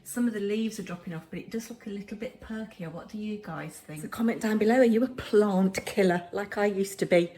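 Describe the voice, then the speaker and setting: A woman's voice: mid-range voice, a little fast, few pauses, mellow. A middle-aged woman vlogging at home. She is chatty and self-deprecating and rambles casually. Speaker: vlogger, drama teacher.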